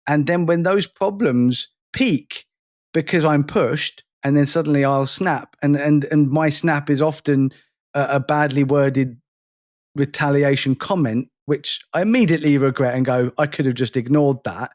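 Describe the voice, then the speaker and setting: Man, podcast co-host, emphatic, venting, slightly high voice. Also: measured pace. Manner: emphatic, venting frustration at length. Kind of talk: casual podcast conversation.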